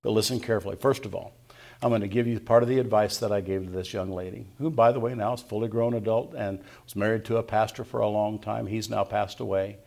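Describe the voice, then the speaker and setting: An older male pastor preaching, his voice gravelly with a lot of fry. He tells a folksy personal story and drops into a softer voice when he quotes the people in it. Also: fairly low pitch, fairly even intonation, fast. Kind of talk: sermon.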